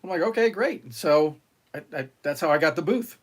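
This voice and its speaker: A middle-aged New Yorker and retired Marine tells stories on a podcast in casual interview fashion, rambling with lots of fillers and restarts and acting out other people's lines. His voice is fairly high, with lively intonation and a slightly quick pace.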